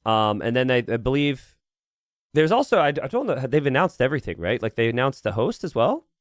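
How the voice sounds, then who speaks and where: A man's voice: medium pitch, sing-song, brisk, no room sound, studio quality. A man casting a strategy game live, chatting casually and rambling as he reads and answers his chat. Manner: chatty and rambling, thinks aloud and talks to chat. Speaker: game caster and streamer. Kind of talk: casual live-stream commentary.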